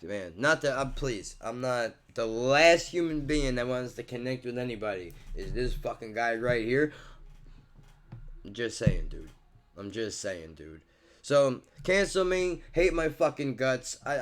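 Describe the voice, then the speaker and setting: A man in a profane, heated monologue who keeps saying bro and dude, dropping to mutters and then bursting out loud. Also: lively intonation, unhurried. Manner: swings from muttering low to loud outbursts. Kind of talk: ranting monologue to camera.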